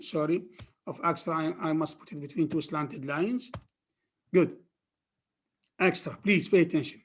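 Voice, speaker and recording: A man lecturing a class on phonetics, repeating words and often checking that his students follow. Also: high voice. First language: Arabic.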